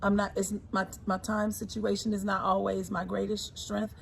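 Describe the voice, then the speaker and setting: A woman in her forties, talking casually and warmly about her husband, emphatic and repeating her points. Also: medium pitch, level tone, moderate pace, vocal fry, a little hiss or hum. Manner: emphatic and repetitive, often repeating phrases. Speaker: co-host, singer. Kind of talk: casual heartfelt talk.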